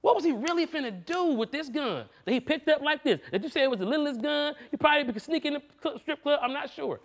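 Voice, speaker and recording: A man playing a defense attorney in an improvised comedy courtroom, arguing in a heated, animated and slangy way. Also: very high-pitched, quick pace. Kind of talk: improvised comic courtroom argument.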